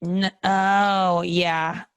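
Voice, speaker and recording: A woman comedian guest on a podcast, teasing the others and getting excitable in casual banter. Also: lowish voice, very slow, clean tone, no echo.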